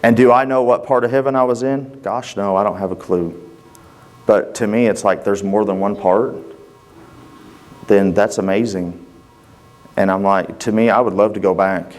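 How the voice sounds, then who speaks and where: Guy with a lower voice telling his testimony at church, plain-spoken and casual, acts out the back-and-forth. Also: steady tone, normal speed, long pauses, darkish tone, faint music behind. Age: adult father. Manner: casual storytelling, acting out dialogue. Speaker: church member giving a testimony. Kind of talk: personal testimony to a congregation.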